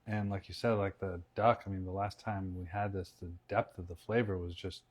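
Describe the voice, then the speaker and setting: A man's voice: deep voice, level tone, moderate pace, a little mellow, slightly rough. A man co-hosting a casual cooking livestream, teasing his partner and reading out viewer comments. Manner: teasing, easygoing.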